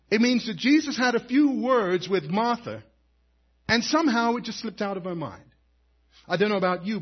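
A man's voice: high voice, husky, dull audio. A man preaching a sermon as pastor, building emphasis and calling to the congregation for an amen.

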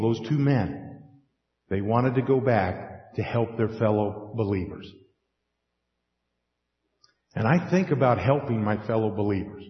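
A man preaching a sermon in an animated way, acting out scripture scenes with folksy asides. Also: on the low side. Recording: echoey hall, dull lo-fi sound.

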